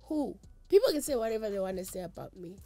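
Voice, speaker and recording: This fast-talking middle-aged woman has a medium-pitched, dark-toned voice with big pitch swings and a South African accent. A traditional healer, she's candid, emphatic, and emotional in an interview, mixing English with Zulu and Sotho.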